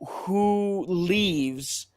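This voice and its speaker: A man talking hockey as a podcast guest, animated and laughing often, building to points with dramatic pauses. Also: high voice, no echo, studio quality. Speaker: podcast guest, team analyst. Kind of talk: casual sports podcast chat.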